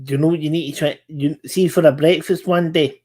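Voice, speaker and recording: A man's voice: fairly high pitch, steady tone, brisk, darkish tone. A British man hosting a casual chat, eager to jump in with his own comments and tips. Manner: chatty, eager interjections. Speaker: host.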